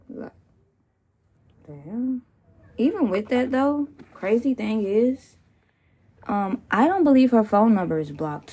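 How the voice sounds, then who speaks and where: A woman's voice: mid-range voice, mellow, a little hiss or hum. A woman hosting her own podcast, ranting casually and profanely with laughing asides, recovering from pneumonia. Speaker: podcast host. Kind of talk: casual solo rant.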